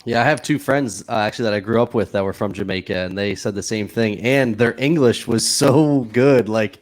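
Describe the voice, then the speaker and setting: A man's voice: on the low side, fairly quick. Man, podcast co-host, chatty, friendly, storytelling. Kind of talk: casual podcast interview.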